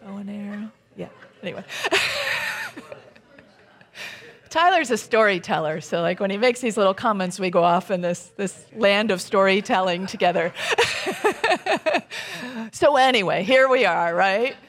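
A woman's voice: mid-range voice, expressive, a little fast. A woman giving a conversational sermon, storytelling and asking the audience questions.

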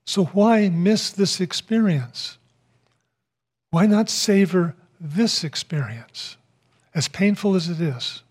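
A man telling of a wise gentle panda. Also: high voice, slow pace, breathy edge, full character voice. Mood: soothing. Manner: gentle, patient, soothing. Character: wise calm male panda in a parable.

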